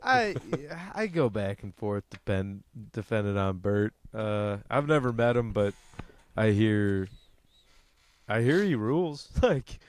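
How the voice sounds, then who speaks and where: A man's voice: lowish voice, very animated, takes it slowly, smooth, dry recording. A man co-hosting a comedy podcast, trading profane jokes and laughing often in casual banter. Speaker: podcast co-host.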